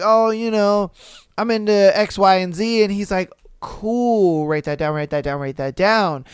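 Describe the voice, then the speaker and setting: Reading listener stories on his podcast, a young man reacts casually with plenty of slang, swearing, and laughter. His high, clean voice comes through clean studio audio with no room sound.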